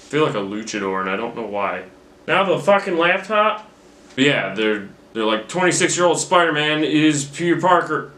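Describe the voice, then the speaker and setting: A man's voice: mid-range voice, bright, forceful tone. Rambling, profane young man in a roomy room. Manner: rambling, profane, self-mocking. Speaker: movie reviewer. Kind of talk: casual rambling movie recap. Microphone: camera mic. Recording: roomy camera-mic recording.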